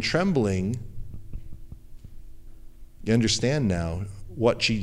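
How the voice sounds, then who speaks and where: A male pastor giving a conversational sermon, acting out what people say and dropping to a low, quiet voice for emphasis. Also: lively intonation, slow pace, long pauses.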